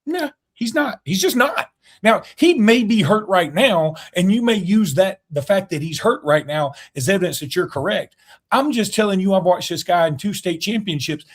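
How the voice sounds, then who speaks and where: A man, co-hosting a casual sports podcast, animated and jokey. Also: sits high, normal speed. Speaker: podcast co-host.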